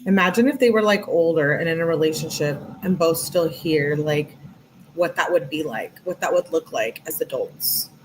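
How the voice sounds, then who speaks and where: Against a noisy background, a low-voiced woman talks at normal speed. Her casual true crime commentary, delivered while reading texts, is chatty, earnest, and emphatic, with "like" cropping up everywhere.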